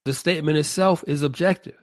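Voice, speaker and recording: A man leading a reflective podcast discussion, speaking deliberately and restating his points in several ways. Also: a little high, no echo.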